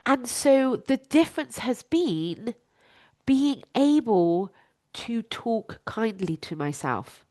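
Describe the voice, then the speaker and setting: A woman's voice: on the high side, big pitch swings, slow, darkish tone, dry recording, clean studio sound. A woman, a life coach hosting her own podcast, talking candidly and emphatically, swearing freely.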